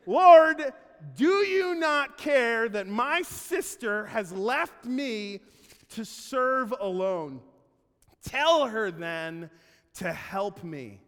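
A man voicing an indignant, put-upon woman who complains in a shrill, pleading way, in a church with a long hall reverb. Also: very animated, drawn-out words, fairly bright tone, exaggerated voice.

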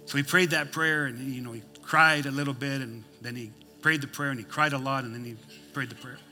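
A man's voice: medium pitch, fairly even intonation, a little fast, bright, forceful tone, faint music behind. A male pastor preaching a sermon, folksy and emphatic, telling a story with many restarts.

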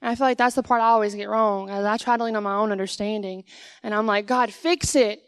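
A woman's voice: mid-range voice, steady tone, quick pace, smooth, no room sound. A young woman giving a conversational sermon as a guest speaker in church, acting out little dialogues with God. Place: church sanctuary.

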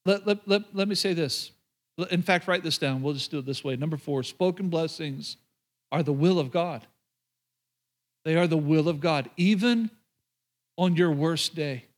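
A man with a high voice preaches to a congregation, swinging between earnest exhortation and playful jokes. He slows right down to stress key lines, then rattles off quick asides to the room. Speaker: pastor. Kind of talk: sermon. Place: church before a live congregation.

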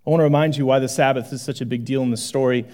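A male pastor preaching a sermon in a conversational, animated way, moving between loud exclamations and hushed asides. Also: medium pitch, very fast.

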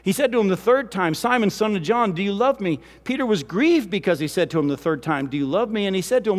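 A male pastor preaching an animated sermon, often asking the congregation questions. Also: high-pitched, fast talker, hardly any pauses. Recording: long reverb of a church hall.

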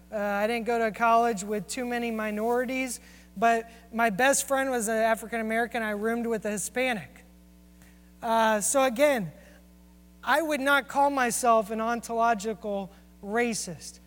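A man's voice: very high-pitched, steady tone, moderate pace, fairly bright tone. A man preaching a sermon and telling personal stories in an earnest, confessional way. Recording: long hall reverb.

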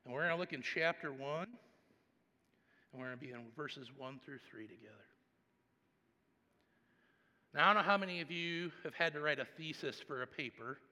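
A man preaching as a pastor. He tells stories conversationally, and his loudness swings from hushed to loud. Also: on the high side, moderate pace, pauses often, big-room sound. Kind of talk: sermon.

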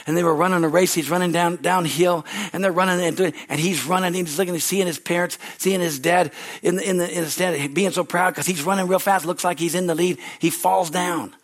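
Pastor, middle-aged man, high-pitched, fervent sermon with shouted calls. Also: steady tone, a little fast. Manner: fervent, repetitive, rises to shouting exhortations.

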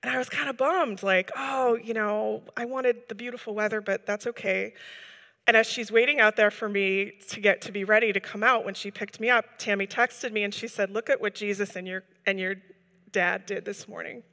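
A woman shares a heartfelt testimony before a live gathering, talking earnestly and loosely with lots of "like"s. Her voice has a bright, sharp edge, and it carries a long reverb off the walls of a large hall. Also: mid-range voice, fairly even intonation, moderate pace. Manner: earnest, rambling storytelling with many "like"s. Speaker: church member giving a testimony.

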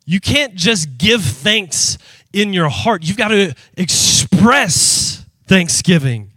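Bright-voiced, high-pitched preaching man. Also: slow pace, no room sound. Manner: animated call-and-response preaching; emphatic, breaks into shouting. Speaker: pastor. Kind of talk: sermon. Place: church sanctuary with congregation.

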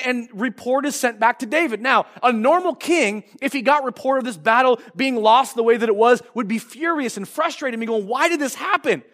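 High-voiced pastor preaching a story-driven sermon. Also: male voice, a bit bright. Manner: storytelling, acting out quoted lines with restarts.

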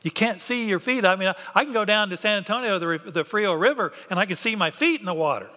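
Animated preacher in a reverberant hall. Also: male voice, high-pitched, fast. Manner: animated, acts out biblical characters' voices. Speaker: pastor. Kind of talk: sermon.

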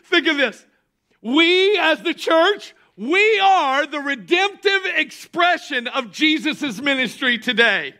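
High bright-voiced man preaching. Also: animated, slow. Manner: emphatic preaching, bursts of shouting; calls on the congregation to respond. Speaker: pastor. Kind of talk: sermon.

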